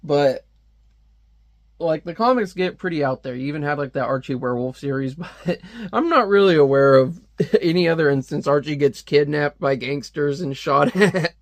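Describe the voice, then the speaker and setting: A man's voice: a little high, moderate pace, no echo. A man chatting casually as a comic reviewer, rambling with lots of fillers and frequent laughs. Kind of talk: casual commentary.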